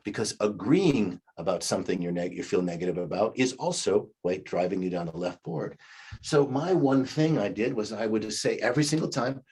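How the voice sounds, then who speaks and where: In a recorded leadership class, a man in his fifties teaches conversationally and performs the responses he suggests. His voice is fairly low, expressive, and a little fast, darkish in tone and slightly rough.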